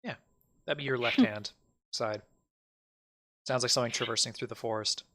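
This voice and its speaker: A man's voice: medium pitch, fairly quick, sharp tone. A man narrating as game master in a tabletop game, casual and rambling, with many fillers.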